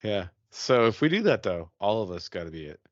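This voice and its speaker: A lower-voiced man on a podcast whose pitch swings widely as he swears emphatically. The sound is dry and close, with a dull lo-fi tone. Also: fairly quick, no room sound. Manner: animated, profane, emphatic. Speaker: podcast co-host. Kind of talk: casual podcast banter.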